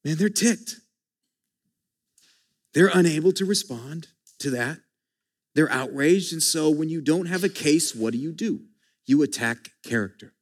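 High-voiced man preaching conversationally. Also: animated, measured pace, pauses often. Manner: conversational, emphatic preaching with frequent restarts and rhetorical questions. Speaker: pastor. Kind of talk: sermon.

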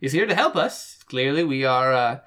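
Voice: medium pitch, animated, moderate pace, fairly bright tone, close to an everyday voice. A player voicing a pompous, fawning male herald with grand, theatrical speech. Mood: grandiose.

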